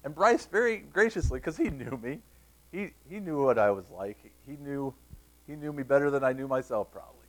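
A pastor preaches a sermon and tells a personal story, tearing up at times, in an animated, emotional storytelling manner. His mid-range voice is brisk and he sounds tearful.

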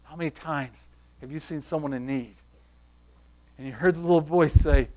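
A man preaching a sermon, pressing his listeners with repeated rhetorical questions and sinking to a soft, quiet close. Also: a little high, steady tone, normal speed, long pauses.

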